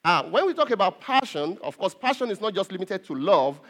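A pastor preaching an earnest sermon to his congregation, repeating phrases and pausing on fillers. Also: high-pitched, very animated, fairly bright tone.

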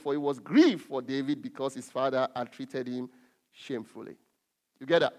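A man's voice: fairly high pitch, darkish tone. A man preaching a sermon, stressing key words and often stopping on fillers and restarts. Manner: emphatic, drawn-out stresses with frequent fillers and restarts.

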